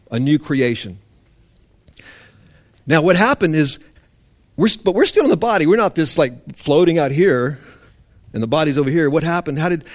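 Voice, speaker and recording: Impassioned preacher, higher-pitched man. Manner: impassioned, swings between loud emphasis and hushed intensity; mock-indignant voice for a legalist's complaint. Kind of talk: sermon.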